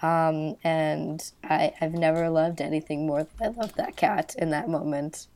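A young woman co-hosting a podcast, hoarse and raspy from a cold, chatting in a laid-back way. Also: deep voice, steady tone, measured pace, darkish tone. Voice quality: raspy, like a chain smoker. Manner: laid-back, laughs often, swears casually. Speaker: podcast co-host. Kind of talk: casual chat.

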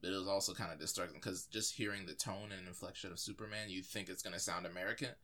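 A man's voice: low voice, fairly even intonation, fast talker, pushed and bright. A man co-hosting a podcast, chatting casually about movies in a rambling way with lots of fillers. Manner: rambling, filler-heavy, restarts often. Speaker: podcast co-host.

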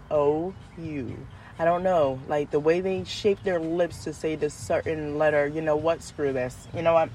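A woman hosting her own show, talking in a casual, animated monologue full of slang, jumping up in pitch for emphasis and laughing as she goes. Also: slight background noise. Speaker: podcast host.

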